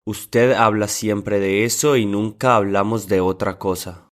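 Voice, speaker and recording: A man reading example sentences aloud in a language lesson, saying each one twice in a measured way. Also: on the low side, steady tone.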